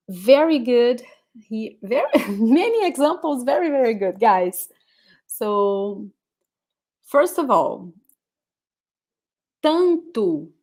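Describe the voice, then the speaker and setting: A woman with a Brazilian accent, a Portuguese speaker, teaching a live online pronunciation lesson, repeating words patiently for her students. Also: on the high side. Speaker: language teacher.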